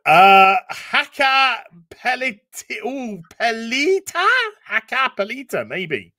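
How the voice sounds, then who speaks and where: Male live-stream co-host reading super chats: bright, forward tone, loose and profane. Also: very high voice, takes it slowly. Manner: profane, laughing, animated. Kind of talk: casual live-stream chat.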